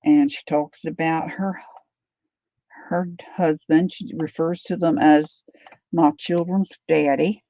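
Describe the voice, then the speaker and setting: Her voice is deep and warm, with a flat, slow delivery captured dry on slightly dull lo-fi audio. She's a middle-aged woman painting on a livestream, casually talking with viewers, calling them by name, and laughing a lot.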